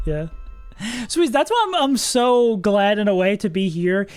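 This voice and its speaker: Casual streamer rambling thru strats, middle pitch, dry close mic, bit of music behind. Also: big pitch swings, measured pace, clean tone, no room sound. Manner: chatty, thinks aloud, laughs often. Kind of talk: casual livestream commentary.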